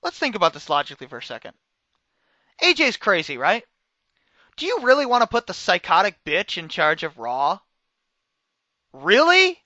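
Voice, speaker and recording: A young man rants about a wrestling show in a high, lively voice that jumps around a lot. He sounds bright and sharp, and he swings between loud outbursts and quiet, dry asides. The recording is dry and a little dull. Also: brisk, no echo. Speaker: wrestling reviewer. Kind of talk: casual video review.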